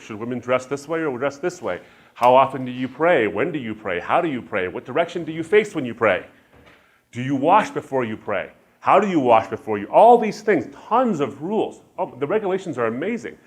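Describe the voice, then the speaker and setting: Brief: middle-aged male Christian speaker, mid-pitched, emphatic storytelling lecture. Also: very animated, fairly quick, husky. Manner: emphatic, shifting sharply between loud stress and quiet asides. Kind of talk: sermon-style lecture with anecdotes.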